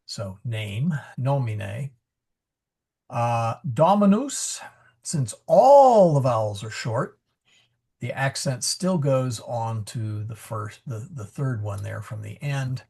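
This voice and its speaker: A man's voice: medium pitch, lively intonation, slow, vocal fry, warm tone, slightly rough. A man teaching Latin pronunciation in a live class over a video call, patiently explaining and correcting himself as he goes. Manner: patient, explanatory, self-correcting with frequent fillers.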